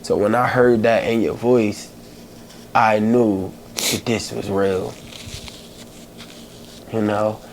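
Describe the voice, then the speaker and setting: A man with a fairly low voice tells a heartfelt personal story on his podcast. He speaks haltingly, filling his pauses with little fillers and pushing through his emotion. A faint hiss sits under the voice. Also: steady tone. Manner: emotional, holding back tears. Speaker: podcast host.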